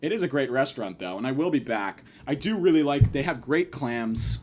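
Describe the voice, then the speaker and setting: Profane ranting man, lively pitch. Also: a little fast. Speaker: podcast host. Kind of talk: comedic monologue rant.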